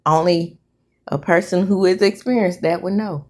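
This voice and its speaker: A woman's voice: lowish voice, moderate pace, a little mellow. A woman recapping a soap opera in a casual way, dramatic and laughing as she slips into the characters' voices. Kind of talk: casual recap with acted-out quotes.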